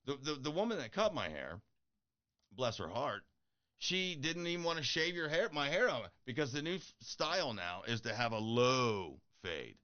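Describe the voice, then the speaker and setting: A man's voice: medium pitch, big pitch swings, moderate pace, bright, forceful tone. A middle-aged man talking earnestly to his viewers in a casual motivational vlog, pleading and encouraging. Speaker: streamer. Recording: dull lo-fi audio.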